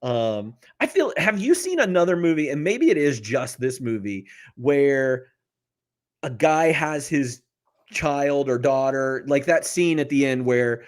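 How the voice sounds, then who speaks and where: A man's voice: medium pitch, animated, a little slow. A man co-hosting a movie podcast, laid-back and chatty, who laughs often and trails off mid-sentence. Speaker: podcast co-host. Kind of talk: casual chat about a movie.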